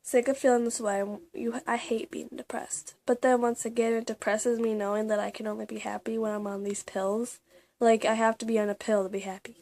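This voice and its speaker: A young woman vlogging about her personal journal in a confessional, halting way, with many fillers and restarts. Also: fairly high pitch, little pitch movement, darkish tone. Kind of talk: casual personal vlog.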